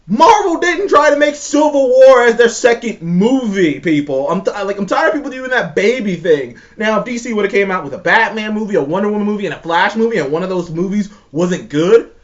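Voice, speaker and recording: A man's voice: sits high, lively intonation, a little fast, few pauses. A man ranting in casual chat, profane, exasperated and emphatic. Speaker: show co-host ranking movies. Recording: slightly dull lo-fi recording.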